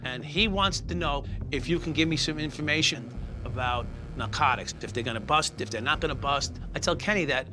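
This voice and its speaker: A man's voice: a little high, a little fast, noisy background. A middle-aged former police officer, telling his story in a documentary interview, blunt and profane. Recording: music bed underneath.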